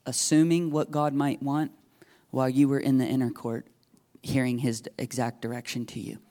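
A man's voice: mid-range voice, flat delivery, moderate pace, mellow. A middle-aged man preaching a sermon in a conversational, emphatic way, acting out the voices he quotes. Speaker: pastor.

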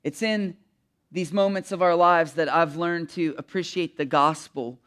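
A pastor in his thirties preaches with a chatty, joking delivery and keeps turning to the audience with questions. His voice sits fairly high and comes across smooth and resonant. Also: a little slow, a bit bright. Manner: conversational and humorous, asks the audience questions, often chuckles. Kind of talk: sermon with personal storytelling.

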